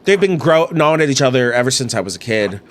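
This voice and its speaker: A man's voice: medium pitch, lively intonation, fast, slight background noise, close to an everyday voice. A man reading the lines of an earnest, kind young man from a village inn, eager and upbeat.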